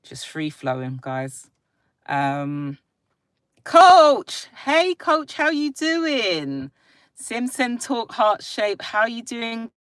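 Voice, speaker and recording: A woman's voice: low-pitched, fairly bright tone, dry recording, clean studio sound. A woman with children hosting a casual live stream, greeting viewers by name and chatting in a free-flowing way. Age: adult, a parent. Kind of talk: casual chat reading viewer comments. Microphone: phone live stream.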